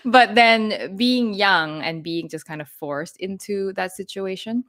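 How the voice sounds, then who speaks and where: Brief: woman host from Thailand, North American accent, chatty and laughing, a bit low-pitched. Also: moderate pace. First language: Thai. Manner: chatty, laughing, lively storytelling. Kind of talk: live Q&A chat.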